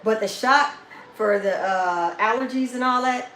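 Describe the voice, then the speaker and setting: A woman hosts a relaxed home livestream. She laughs often and slips into baby talk with her dog. The sound is echoey, with a faint hum of room noise behind her. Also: on the high side, measured pace. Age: 50s. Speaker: vlogger hosting a live chat. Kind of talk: casual livestream chat.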